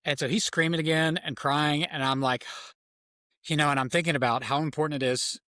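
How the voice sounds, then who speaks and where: Man, podcast guest, bright tense voice, somewhat high, animated storyteller, dry sound. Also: fast, no room sound. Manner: lively, acts out voices in his stories. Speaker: podcast guest, father of three.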